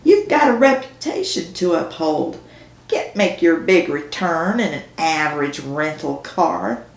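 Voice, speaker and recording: A pushy, teasing girlfriend, put on by a woman reading her own novel, quick and needling, jumping up into squeals. The voice rings in a roomy space. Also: deep voice, big pitch swings, gravelly, exaggerated voice.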